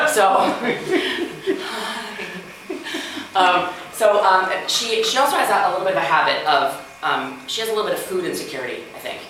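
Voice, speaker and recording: A woman's voice: on the low side, bright, forceful tone. A woman in her forties doing open mic stand-up, chatty and self-deprecating, full of fillers and acted-out quotes. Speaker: stand-up comedian. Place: mansion room at an open mic. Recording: very echoey room, far from mic, noisy.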